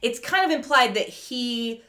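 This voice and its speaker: A woman co-hosting a casual podcast, retelling a TV episode and acting out the characters' lines. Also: on the high side. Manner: animated, acts out characters' lines in quick quotes. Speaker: podcast co-host. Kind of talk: casual chat recapping a TV episode.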